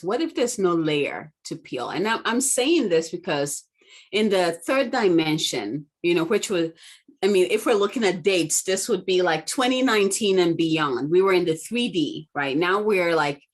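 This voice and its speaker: A woman guest on a podcast interview, talking in an earnest, affirming way and often checking in with "right?". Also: lowish voice. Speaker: guest, spiritual mentor.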